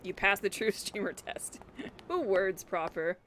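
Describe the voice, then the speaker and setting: In a playful let's-play, a woman teases and jokes with the game characters, answering them back as she plays over background game music. She has a mid-range, fairly bright voice and speaks a little slowly. Slight background noise can be heard.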